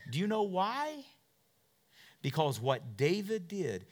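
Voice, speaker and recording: A man preaching a sermon, telling a Bible story with questions to his listeners and big swings from loud to hushed. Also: fairly high pitch. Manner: asks the congregation questions. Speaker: pastor.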